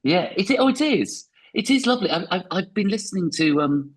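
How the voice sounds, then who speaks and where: A man's voice: sits high, very animated, fairly quick, breathy edge, low-quality recording. A middle-aged man, a comedian guest, chatting casually on a podcast, self-mocking with lots of restarts. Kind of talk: casual interview chat.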